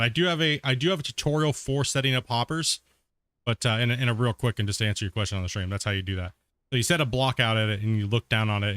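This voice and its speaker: A man casually talking while he streams a game, relaxed and rambling, often laughing. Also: medium pitch, no room sound. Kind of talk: casual live-stream commentary.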